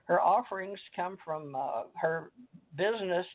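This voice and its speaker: A woman's voice: on the low side, unhurried. Older woman host on a tinny phone line. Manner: chatty, rambling, reads a bio aloud. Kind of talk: casual call-in interview. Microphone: phone or computer call.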